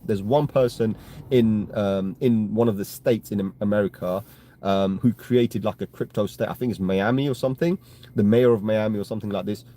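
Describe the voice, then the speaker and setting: A man's voice: lowish voice, a little mellow, slight background noise. A British man hosting a crypto live stream, talking casually to his chat in a rambling way, often tagging "right?" and getting heated. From United Kingdom. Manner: rambling, repeats "right?" and restarts, gets heated. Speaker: crypto livestream host.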